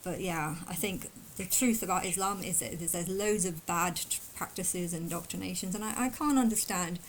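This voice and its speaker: A woman vlogger talking fast in a casual, emphatic and indignant opinion monologue. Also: fairly low pitch, slight background noise, low-quality recording. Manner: fast talker.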